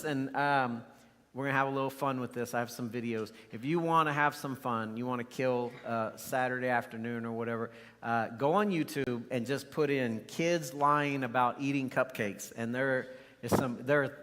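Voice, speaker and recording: A man preaching a sermon in a relaxed, conversational way, with the odd filler word. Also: fairly high pitch. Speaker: pastor. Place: church sanctuary. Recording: reverberant church hall.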